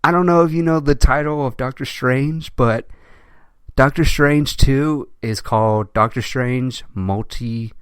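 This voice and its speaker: A man hosting a casual movie news podcast, talking in an animated way, laughing often and repeating himself. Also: medium pitch, a little slow, clear, resonant tone, no room sound, studio quality. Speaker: podcast host.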